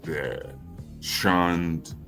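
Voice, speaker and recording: Very deep-voiced laid-back co-host. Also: male voice, drawn-out words, fairly bright tone, soft background music. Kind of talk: casual live stream chat.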